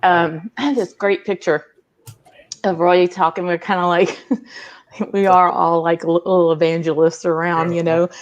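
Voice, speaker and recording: A woman's voice: on the low side, little pitch movement, normal speed, lo-fi sound. A woman chatting casually and telling a story to friends, with frequent fillers and laughs. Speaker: guest on a live video hangout. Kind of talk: casual chat.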